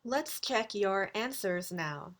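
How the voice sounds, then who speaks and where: A woman lecturer in a recorded video lesson walks through grammar examples at an unhurried, careful pace. Her pitch sits in an ordinary middle range. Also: animated, a bit bright. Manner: slow, deliberate explanations with quoted examples. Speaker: university lecturer.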